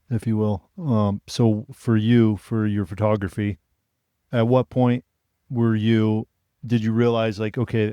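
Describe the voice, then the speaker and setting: Male podcast host, interviewing, low even voice, clean and dry. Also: clean tone, no echo. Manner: asks questions, rephrases as he goes. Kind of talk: interviewing in casual chat. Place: aboard a family yacht.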